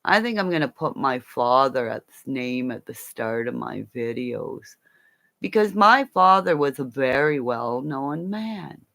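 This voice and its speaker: A gravelly-voiced woman from Canada vents angrily to camera, swearing freely and drifting from one topic to the next. She talks slowly, with a bright, sharp edge to her voice. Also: a bass voice, lively intonation. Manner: profane and angry; rambling, jumps between topics. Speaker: vlogger. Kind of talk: ranting monologue to camera.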